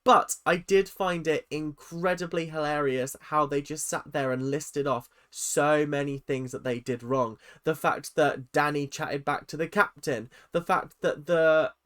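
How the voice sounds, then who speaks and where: A young British man gives casual commentary straight to his viewers, sassy and animated. His voice sits a little high for a man. He sounds like a YouTuber recapping a reality show. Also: clean tone.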